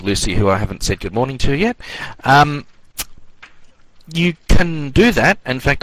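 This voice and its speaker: A man teaching an online networking class in a relaxed, rambling way with many fillers. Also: lowish voice, poor audio. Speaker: networking course instructor.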